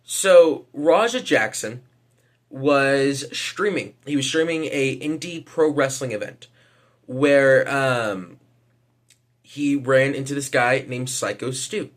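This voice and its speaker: A man's voice: mid-range voice, a bit bright. A man giving casual vlog commentary, hesitant, with lots of fillers and casual swearing. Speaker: vlogger.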